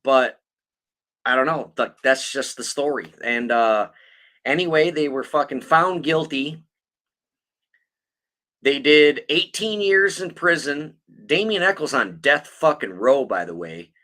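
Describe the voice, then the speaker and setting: A man's voice: medium pitch, expressive, measured pace, bright, forceful tone. A man on a podcast, telling a story in a rambling, swear-heavy, casual way. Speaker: podcast co-host.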